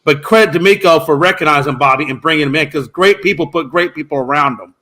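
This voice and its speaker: Emphatic bright-voiced American sports co-host. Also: male voice, a little high, fast talker. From United States. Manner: animated, emphatic, rising to shouts. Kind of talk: casual sports debate.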